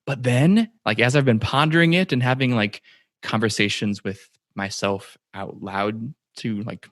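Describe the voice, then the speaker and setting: A man's voice: mid-range voice, unhurried, a bit bright. A man co-hosting a podcast in casual chat, hesitant, with many fillers. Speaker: podcast co-host.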